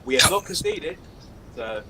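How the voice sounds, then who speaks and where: A man's voice: medium pitch, huge pitch swings, a little slow. Chill guy dropping stats, voice bounces around, noisy mic. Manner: laid-back, chiming in with stats and asides. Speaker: fan channel co-host. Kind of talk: live match watchalong chat.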